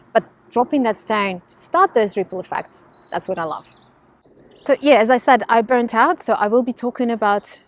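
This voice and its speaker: A woman from Russia with a subtle Russian accent touched by Australian influence, talking casually to camera as a life coach in a candid, animated way. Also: mid-range voice. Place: home in London.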